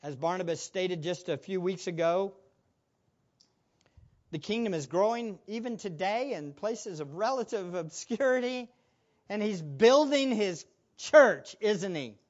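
A man's voice: sits high, expressive, measured pace. Male pastor, sermon delivery, earnest with rhetorical questions, dull lo-fi audio.

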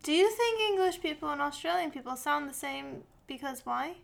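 A woman co-hosting a podcast in casual chat, playful and quick to giggle. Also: sits high, animated, creaky. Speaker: podcast co-host.

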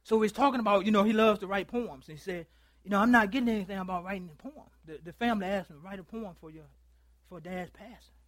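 A male pastor with a high, light voice preaches in a dry, close sound with little room echo. He tells a story and plays both sides of a conversation, then drops to a hush and draws out his phrases. He calls for answers from his listeners as he goes. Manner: storytelling, acts out both sides of a phone call; swings from loud to hushed, drawn-out phrases. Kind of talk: sermon. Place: church.

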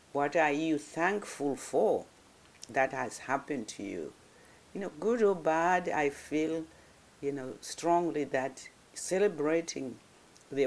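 A reflective motivational speaker talks slowly and gently, one short phrase at a time. The voice sits at a medium pitch, and there are frequent pauses and small restarts as the thoughts form. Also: gravelly. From grew up in a village in another culture.

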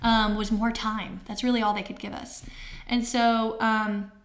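A woman in her thirties giving a personal testimony as an interview guest, emotional and halting with many fillers, near tears. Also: on the high side, level tone.

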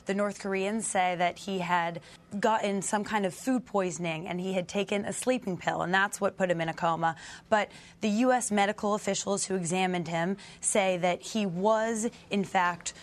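A woman filing a news report, explaining each point carefully and deliberately. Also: mid-range voice.

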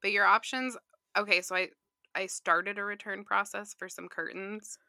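A woman's voice: medium pitch, steady tone, moderate pace, creaky, bright, forceful tone, no echo, clean studio sound. A young woman co-hosting a casual chat over a video call, chatty and giggly as she recounts things.

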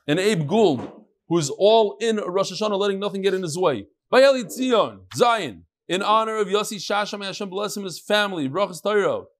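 Male class host, slightly higher voice, casually reading sponsor notes and emails aloud. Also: fairly quick. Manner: conversational, ad-libbing asides while reading. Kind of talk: reading sponsor dedications and messages.

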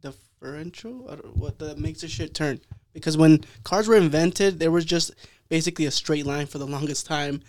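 Young guy cohosting a podcast, kinda high voice, dry sound, cusses a lot and acts out what people said. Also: moderate pace, dry recording. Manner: animated storyteller, acts out quotes in a higher voice, swears a lot. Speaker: podcast co-host. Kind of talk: casual chat.

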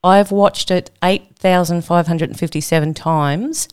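A woman's voice: on the low side, steady tone, measured pace, darkish tone, clean tone. A woman hosting a podcast, chatting in a bubbly, giggly way with her guest. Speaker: podcast host. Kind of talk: casual chat interview.

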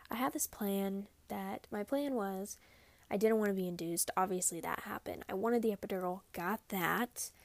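A woman's voice: mid-range voice, darkish tone, no echo. A young woman telling her birth story in a chatty, casual way, full of "like" and acted-out quotes. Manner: chatty, lots of "like", acts out quoted lines.

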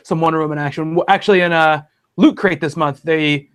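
Guy hosting a comics podcast, kinda high voice, rambly with lots of likes and um restarts. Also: steady tone, a little fast, a bit bright, clean tone. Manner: rambling, chatty, full of fillers and restarts. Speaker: podcast host. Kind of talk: casual chat about comics.

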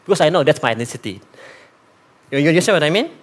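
A man's voice: fairly high pitch, rapid-fire. A man from East Malaysia with a Malaysian accent, preaching a sermon and talking straight to the congregation. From East Malaysia (Sarawak). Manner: animated, talks straight to the congregation, mixes in Malay phrases.

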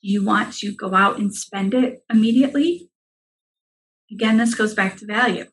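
A woman's voice: mid-range voice, moderate pace, rough recording. A woman guest on a podcast, a money mindset coach giving advice in an earnest, reassuring way. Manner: earnest and reassuring, speaks in steady explanations.

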